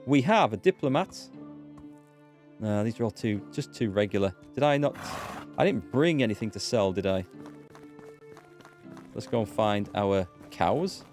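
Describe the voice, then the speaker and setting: A man's voice: fairly low pitch, animated, a little slow, pauses often, darkish tone, faint music behind. A man with a North Yorkshire accent giving chatty live-stream commentary on a game and answering viewers' chat. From North Yorkshire, England. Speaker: let's play streamer.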